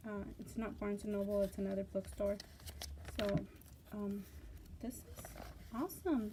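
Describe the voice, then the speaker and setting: A woman hosting a casual craft unboxing vlog, gushing and excitable, with lots of fillers and repeated words. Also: medium pitch, noisy background. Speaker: craft channel host.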